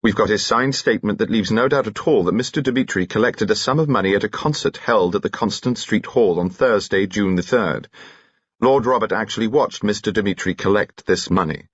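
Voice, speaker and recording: A man voicing a calm, measured police inspector. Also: fairly low pitch, slightly rough, dry recording, lo-fi sound, pitched above the performer's own voice. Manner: quiet, matter-of-fact, measured.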